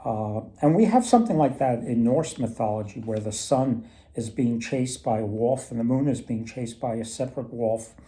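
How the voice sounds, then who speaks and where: A man's voice: medium pitch, normal speed, dark tone. A man casually retelling folk myths and tales, rambling with many restarts. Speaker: storyteller and mythology presenter. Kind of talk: casual storytelling talk.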